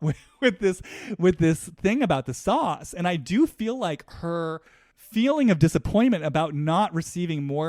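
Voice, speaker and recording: A man's voice: fairly high pitch, a little mellow, no room sound, clean studio sound. A man hosting a solo podcast, talking in a reflective, conversational way, loose with fillers. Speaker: podcast host.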